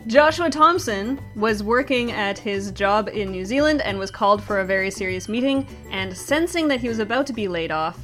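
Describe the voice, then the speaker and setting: Woman co-host, wry and brisk, mid-pitched comedic news read. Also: expressive, fairly bright tone, soft background music. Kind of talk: scripted comedic news chat.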